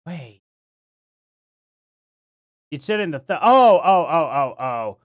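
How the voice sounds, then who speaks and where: Lively rambling man on a dry mic. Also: fairly high pitch, takes it slowly, no room sound. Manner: rambling, chatty, laughs often, reads chat aloud. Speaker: live stream host. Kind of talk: casual live stream chat.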